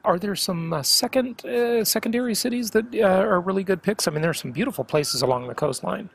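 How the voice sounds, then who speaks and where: An American man hosting a conversational interview, opinionated and animated. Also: high voice, fairly quick, gravelly, a little hiss or hum. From United States. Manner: opinionated, animated, laughs often. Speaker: podcast host.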